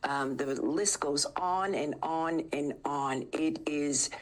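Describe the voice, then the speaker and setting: A middle-aged woman who is a state attorney general, answering questions in a televised news interview in a measured, formal way, listing points with frequent ums. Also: deep voice, low-quality recording.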